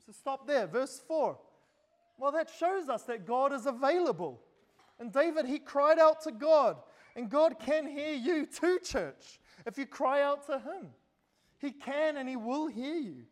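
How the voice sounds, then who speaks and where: A man preaching a sermon, speaking straight to the congregation and posing rhetorical questions. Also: very high voice. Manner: addresses listeners directly with rhetorical questions. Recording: long hall reverb.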